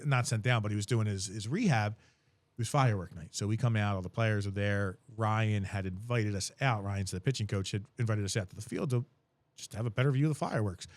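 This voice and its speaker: A man's voice: lowish voice, a little fast, no echo. A man with a Philadelphia accent, a podcast guest chatting casually in a studio and acting out the people in his stories. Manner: animated storyteller, acts out quotes. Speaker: podcast guest, social media creator.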